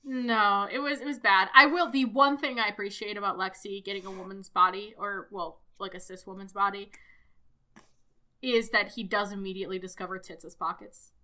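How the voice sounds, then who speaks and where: Bright-voiced woman podcast co-host. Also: mid-range voice, moderate pace. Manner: animated, profane, self-correcting. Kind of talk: casual chat reviewing a cartoon.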